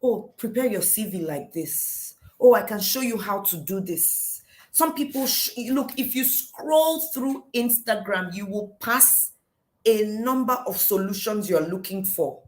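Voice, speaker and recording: A middle-aged woman gives a devotional teaching, telling stories in a lively, expressive way. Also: mid-range voice, unhurried. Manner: lively storytelling, acting out quotes with shouts and laughs. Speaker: teacher leading a daily devotional series. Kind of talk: teaching a devotional talk on scripture.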